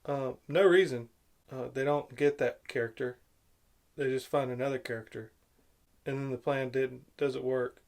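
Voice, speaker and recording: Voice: medium pitch, steady tone, normal speed, darkish tone. Ranting vlogger, sarcastic, exasperated, rhetorical questions, mid-range voice. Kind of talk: angry film-review rant.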